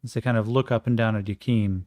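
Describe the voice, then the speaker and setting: A man's voice: lowish voice, fairly even intonation, fast talker, darkish tone, dry recording. A man narrating and rolling dice for his own solo tabletop game in a casual, thinking-aloud way.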